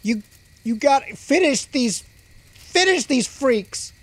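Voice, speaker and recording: A man's voice: extremely high pitch, lively intonation, takes it slowly, pitched above the performer's own voice, full character voice. A man voicing a beaten, hateful man who pleads for help and then mutters threats in a tabletop game. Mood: desperate.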